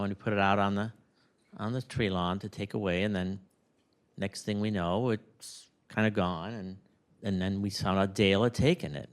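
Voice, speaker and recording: Man, memorial service speaker, rambling funny stories, lively, retirement community room. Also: lowish voice. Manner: rambling, animated anecdotes with acted-out quotes. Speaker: neighbor giving a eulogy.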